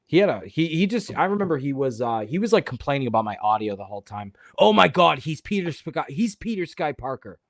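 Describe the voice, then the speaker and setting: Sarcastic man with lively dry voice. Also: on the high side, brisk, few pauses, no room sound. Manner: sarcastic and teasing. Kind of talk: crude casual banter.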